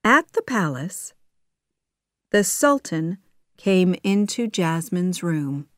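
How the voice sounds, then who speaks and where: A woman narrates a storybook at a very slow, deliberate pace, voicing each sentence clearly. Her voice sits in a middle register, recorded close in a dry room. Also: lowish voice, sing-song, a bit bright, dry recording. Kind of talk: slow storybook read-aloud.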